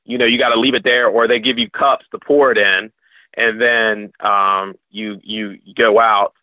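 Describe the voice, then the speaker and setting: A man's voice: fairly low pitch, fairly even intonation, normal speed, no room sound. Rambling man telling stories, dry sound. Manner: rambling storyteller with many restarts. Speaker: podcast guest. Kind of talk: casual chat. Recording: dry, slightly muffled lo-fi recording.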